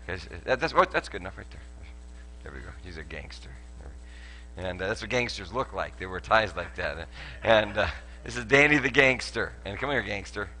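A man's voice: lowish voice, sharp tone, low-quality recording. A man, a pastor giving a playful sermon with a live demonstration, joking and laughing often with lots of restarts, in a church auditorium.

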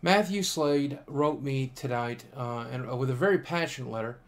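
Tired man reading fan mail aloud. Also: medium pitch. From United States. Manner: warm, thankful, chatty with filler pauses. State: tired, coming down with a cold. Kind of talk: casual vlog chat.

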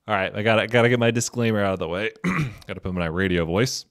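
A man with a lowish voice hosts a casual interview show, cracking jokes and puns as he goes. The sound is dry and close, with no room in it. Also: fast, few pauses, no echo. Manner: jokey, playful, punning. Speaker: podcast host.

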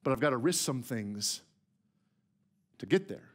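A man's voice: medium pitch, animated, measured pace. A man pastor preaching a conversational, emphatic sermon to his church. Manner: conversational, emphatic, repeats words when starting a phrase. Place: church sanctuary.

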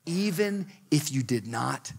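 A man voicing God speaking to him in a slow, quiet, deliberate way. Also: fairly high pitch, expressive, vocal fry, husky, full character voice. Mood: calm, searching. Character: voice of God, calm, slow, patient male.

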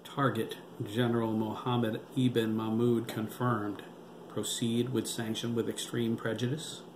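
A man voicing a military computer unit that announces targets and warnings in a flat tone. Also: medium pitch, a little slow, natural voice. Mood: mechanical. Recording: roomy with background noise.

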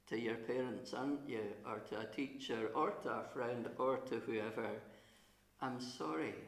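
A middle-aged minister with a chesty cough, telling a gentle story to children during a church service, with frequent pauses. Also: male voice, mid-range voice. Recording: roomy church acoustics.

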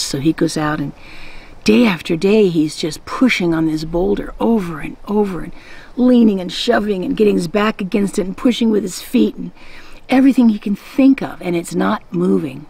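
Devotional podcast host: woman, low and gravelly voice, easygoing storyteller. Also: moderate pace. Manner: conversational, gentle storytelling. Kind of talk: devotional Bible teaching.

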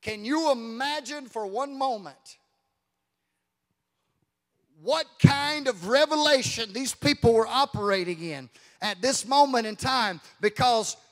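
High-voiced preacher in a reverberant church. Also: male voice, a little slow. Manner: fervent preaching, swings from quiet asides to shouting. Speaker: pastor. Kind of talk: sermon. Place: church sanctuary.

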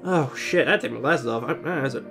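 A man's voice: medium pitch, quick pace, gravelly, fairly bright tone, faint music behind. A man hosting a casual video reaction, chatty and openly emotional, who exclaims and swears often. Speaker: reaction channel host.

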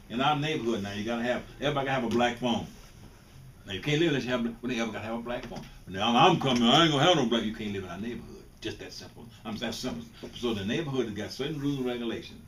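He races along in a mid-range, fairly bright voice. This older Mississippi guest speaker talks to students bluntly and informally, often repeating himself and starting over, and faint background noise comes through the distant mic.

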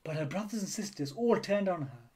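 A man reading a children's picture book aloud in an expressive storytelling manner. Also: sits high, a little fast, breathy edge. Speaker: storybook reader.

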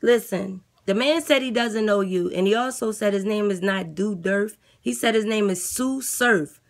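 Woman doing a jail guard, weary, flat, matter-of-fact, dry teasing. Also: medium pitch, moderate pace, close to an everyday voice. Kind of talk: comedy skit character voice.

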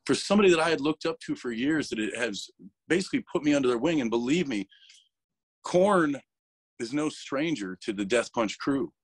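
A man's voice: medium pitch, lively intonation, fairly quick, slightly rough, dry recording. A man speaking as an interview guest, talking candidly and emotionally, swearing freely and restarting his words. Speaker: interview guest, metal vocalist.

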